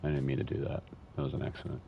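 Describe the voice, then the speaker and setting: Very deep gravelly man streaming a game. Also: rapid-fire. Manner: relaxed, swears casually, hums and reads game text aloud. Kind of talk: casual gameplay commentary. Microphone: headphones and desk mic. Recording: slightly muffled stream audio with faint hiss.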